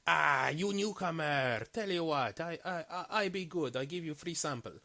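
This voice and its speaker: A man voicing a fawning, haggling alien trader who speaks in halting, broken English. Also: fairly high pitch, bright, forceful tone. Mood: eager salesman.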